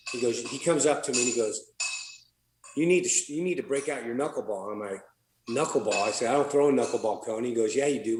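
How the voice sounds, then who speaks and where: A man's voice: medium pitch, noisy background. A man guesting on a podcast, telling a casual, profane story, laughing and acting out what others said. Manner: profane, laughing, acts out quoted dialogue. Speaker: podcast guest, former pitcher. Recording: roomy echo.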